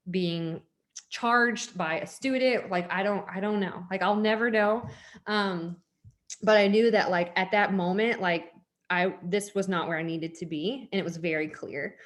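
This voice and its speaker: Chatty, candid woman in her thirties. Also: mid-range voice. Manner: candid and chatty, with many "like" fillers; laughs when uncomfortable. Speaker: network marketing leader. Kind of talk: personal story told to an audience. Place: at home with children nearby.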